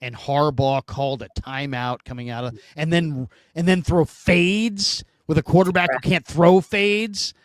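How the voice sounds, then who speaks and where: Emphatic, animated man hosting sports talk. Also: a little high, measured pace, hardly any pauses, dry recording, studio quality. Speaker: sports show host.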